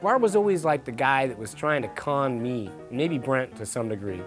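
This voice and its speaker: Man, interviewee, mid-pitched, easygoing and chatty, faint music behind. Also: moderate pace. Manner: relaxed, chatty, many fillers. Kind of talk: interview recollection.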